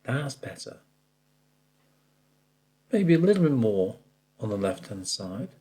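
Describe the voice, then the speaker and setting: A man talks viewers through a watercolour painting in a mellow, warm tone. His pitch moves in an animated way as he explains each step. He chats easily and pokes fun at his own mistakes along the way. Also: slow pace. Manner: chatty, addresses the viewer directly, jokes at his own slips. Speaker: watercolour art tutor.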